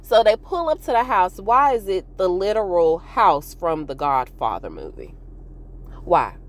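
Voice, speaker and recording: A woman hosting a casual TV recap, chatty and expressive, laughing often and talking straight to her viewers. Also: fairly low pitch, measured pace. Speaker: TV recap host.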